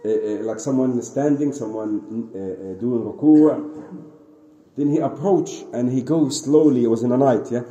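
Mellow-voiced man telling a religious story. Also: mid-range voice, a little slow, muffled recording. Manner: animated retelling, frequent restarts, sprinkled Arabic phrases. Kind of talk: informal religious lesson, storytelling. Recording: roomy echo, faint ambient noise.

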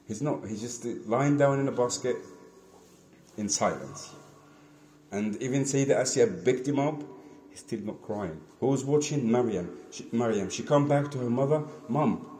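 Man, storytelling lesson, asks the class questions, mellow voice, roomy echo. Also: medium pitch, slight background noise. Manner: asks the listeners questions, acts out quotes. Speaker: teacher. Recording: echoey room with faint ambience.

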